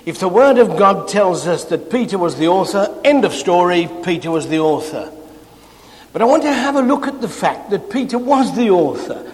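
A man with an English accent giving a Bible class talk to a congregation, self-deprecating and quickening as he gets excited. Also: high-pitched. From England. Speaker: preacher. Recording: long hall reverb.

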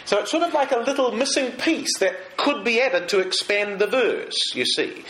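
A man giving a Bible study to a live group, speaking in an animated way and putting rhetorical questions to his listeners. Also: fairly high pitch, slight background noise. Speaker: Bible teacher. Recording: echoey room, faint ambience.

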